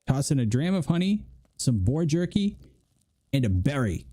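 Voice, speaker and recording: A man with a very dark, mellow voice talks casually while playing a video game. He chats and jokes his way through the session, drifting into rambling asides. His pitch sits right in the middle for a man. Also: big pitch swings, normal speed. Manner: chatty and joking, rambling asides. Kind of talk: casual gameplay commentary.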